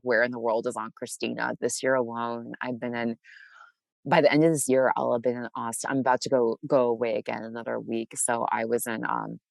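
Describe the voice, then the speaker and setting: A woman from Massachusetts with a faint local accent, chatting as the guest in an interview, bubbly and quick to laugh, with many restarts. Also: very deep voice, creaky, no room sound. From Massachusetts, USA. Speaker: author guest. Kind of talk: casual interview chat.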